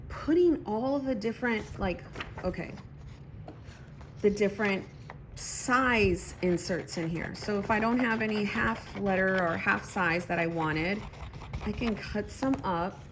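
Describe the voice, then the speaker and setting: A woman in her thirties chatting casually at home about her planner, excitable and talking to herself as she goes. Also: mid-range voice, measured pace, noisy background. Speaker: planner vlogger. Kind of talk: casual chat.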